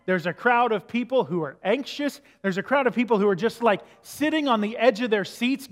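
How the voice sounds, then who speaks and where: A man preaches in a church with a high, light voice, and his words ring out in a long hall echo. He keeps the sermon conversational and checks in with the listeners with quick questions. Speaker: pastor. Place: church sanctuary.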